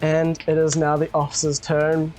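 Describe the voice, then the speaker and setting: A woman's voice: deep voice, completely flat delivery, darkish tone, faint music behind. A woman narrating as game master of a tabletop role-playing game, often laughing as she goes. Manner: laughs often while narrating, quick asides.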